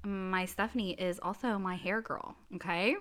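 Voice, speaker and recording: A young woman co-hosting a podcast, telling stories in a giggly, animated casual chat. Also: medium pitch, normal speed. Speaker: podcast co-host.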